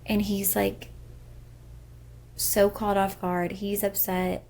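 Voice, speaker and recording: A woman's voice: mid-range voice, flat delivery, slow, gravelly, darkish tone. A young woman co-hosting a podcast, talking earnestly in a rambling casual chat full of fillers. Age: young adult. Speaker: podcast co-host.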